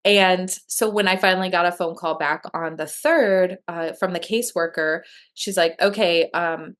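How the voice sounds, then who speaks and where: A woman's voice: on the low side, fairly even intonation, moderate pace, a bit bright. A woman guest telling a personal story in a candid, emotional way, with many fillers and restarts. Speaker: guest sharing her adoption story. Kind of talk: conversational interview storytelling.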